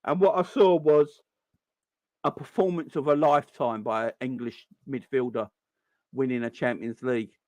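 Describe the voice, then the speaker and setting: A man's voice: medium pitch, steady tone, moderate pace, a little mellow, dry recording. A young man, hosting a live stream and ranting in exasperation, stumbling over restarts when he gets wound up. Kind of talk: heated fan rant on a live stream.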